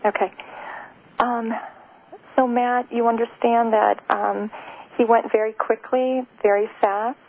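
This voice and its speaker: A woman hosting a live call-in radio show, giving psychic readings in a hesitant, soft, emotional way with many fillers. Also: on the high side, little pitch movement, slow, gravelly, pauses often. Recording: tinny phone-like radio sound, faint noise.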